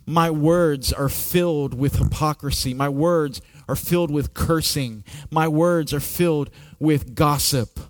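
Man preaching slowly with dramatic swings. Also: on the high side, dry recording, clean studio sound. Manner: slow, dramatic preaching that swings from soft to loud. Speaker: pastor. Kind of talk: sermon.

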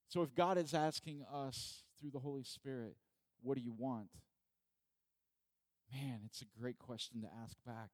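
Male pastor, middle pitch, dry close sound; conversational sermon heavy on rhetorical questions. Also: fairly even intonation, normal speed, no echo.

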